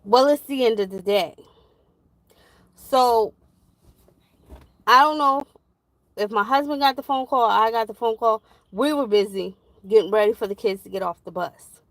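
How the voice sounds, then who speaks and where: A young woman, telling a parenting story in a rambling, animated vlog with many fillers. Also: on the high side, no room sound, poor audio. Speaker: parent vlogger.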